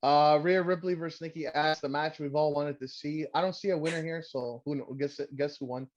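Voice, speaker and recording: A man's voice: on the high side, fairly even intonation, a little fast. A man co-hosting a casual podcast, rambling and sarcastic, cursing freely. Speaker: podcast co-host. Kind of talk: casual wrestling recap chat. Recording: dull lo-fi sound.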